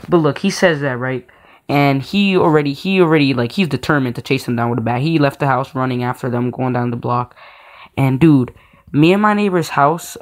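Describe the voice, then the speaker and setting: Slangy, rambling young-sounding man telling a story. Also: medium pitch. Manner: slangy, animated, rambling with fillers. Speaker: storytime vlogger. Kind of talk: casual storytelling.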